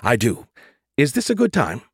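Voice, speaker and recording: A man voicing a male AI who talks in a halting, unsure way. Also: mid-range voice, wildly swooping pitch, creaky, slightly rough, dry recording, clean studio sound, exaggerated voice. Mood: hesitant.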